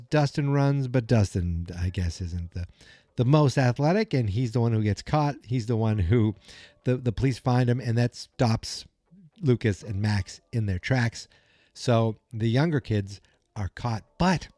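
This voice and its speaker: A man's voice: medium pitch, mellow, no echo. A man hosting a podcast, casually recapping an episode in a rambling, filler-heavy way. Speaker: podcast host.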